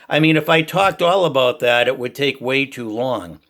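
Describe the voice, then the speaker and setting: Older Boston man, loud booming voice, emphatic heartfelt testimony, mid pitch. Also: moderate pace. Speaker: Christian YouTuber sharing church reflections.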